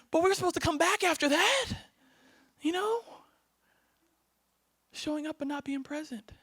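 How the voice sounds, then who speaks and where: A young keynote speaker with a remarkably high voice energizes a live audience from an event stage, motivating them with playful bits he acts out. He laughs frequently and keeps tossing "right?" to the crowd, and his audio is close, dry and echo-free, with hardly any room sound.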